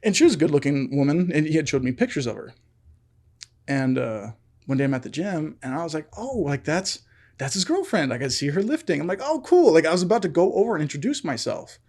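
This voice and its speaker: A man's voice: a little high, big pitch swings, fast, a little mellow. A man co-hosting a podcast, telling a story in casual chat, acting out quotes and laughing often. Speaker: podcast co-host.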